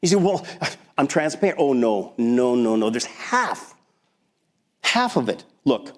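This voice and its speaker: A man preaching a sermon as pastor, talking in a conversational, animated way with frequent restarts. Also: medium pitch, slow pace. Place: church sanctuary. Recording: long hall reverb.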